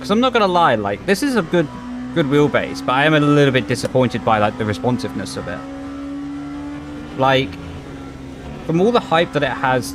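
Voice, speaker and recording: A man's voice: a little high, very animated, moderate pace, pauses often, over music. A young man chatting casually on a sim racing livestream, thinking aloud as he sets up his rig. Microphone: headset.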